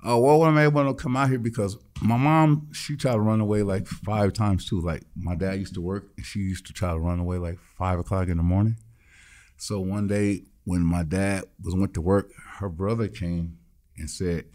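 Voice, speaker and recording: A man's voice: low voice, fairly even intonation, moderate pace, a little mellow. A man, a musician guest in an interview, telling his story bluntly and acting out the voices of the people in it. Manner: blunt, swears freely.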